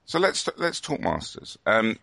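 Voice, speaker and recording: A man's voice: on the low side, sing-song, normal speed, gravelly, sharp tone, no room sound. A man hosting a casual podcast, rambling along with plenty of fillers and restarts. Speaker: podcast host.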